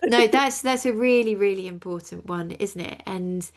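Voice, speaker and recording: A woman's voice: medium pitch, normal speed. A woman hosting an expert interview in a chatty, casual way, laughing easily and swearing now and then. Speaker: host.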